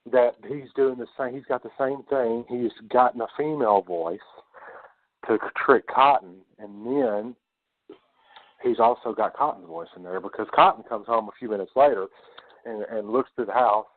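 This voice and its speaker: A man hosting a podcast, retelling a film scene in a casual, profane, animated way. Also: medium pitch, moderate pace. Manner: swears a lot, animated retelling. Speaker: podcast host. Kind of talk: casual movie discussion. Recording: tinny phone-like lo-fi audio.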